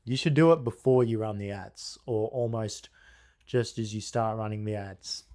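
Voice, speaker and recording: A man's voice: on the low side, normal speed, mellow. A young man giving a casual how-to lesson on business, blunt and crude with a joking edge. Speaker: business coach.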